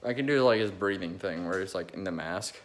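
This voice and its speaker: Young man, low-ish voice, rambling amateur impressionist, phone recording. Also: brisk, a little hiss or hum. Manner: rambling, restarts often, eager. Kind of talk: casual chat between impressions.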